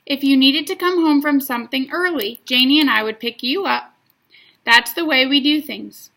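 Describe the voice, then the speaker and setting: A woman reading the lines of a patient, tired mother who speaks calmly to her kids. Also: high voice, moderate pace, vocal fry, full character voice. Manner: calm, patient.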